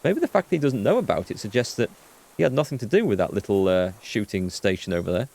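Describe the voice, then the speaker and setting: A man's voice: lowish voice, very animated, fast talker, creaky, a little mellow. A man giving casual, joking commentary as he plays through and reads a role-playing game. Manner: joking asides while reading a game aloud. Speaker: Let's Play gamer.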